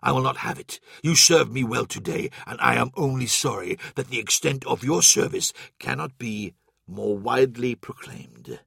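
A man voicing a fatherly supreme male war lord who speaks softly and slowly. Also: medium pitch, vocal fry, breathy edge, dry recording, clean studio sound, heavily acted. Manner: soft, slow and measured.

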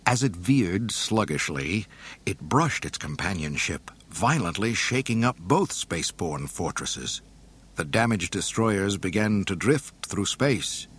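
Low-voiced man narrating a storybook. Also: unhurried, slightly rough. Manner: dramatic, expressive reading.

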